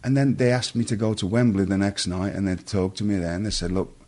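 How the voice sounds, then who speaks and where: A man's voice: on the low side, quick pace, darkish tone. A middle-aged English man telling a long story in a casual interview, rambling and interrupting himself. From England. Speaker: guest.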